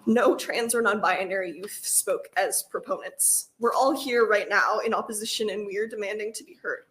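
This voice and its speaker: A woman's voice: mid-range voice, normal speed, fairly bright tone. A young woman delivering prepared testimony at a hearing, earnest and firm as she cites studies. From Nebraska. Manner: earnest, firm, reading citations.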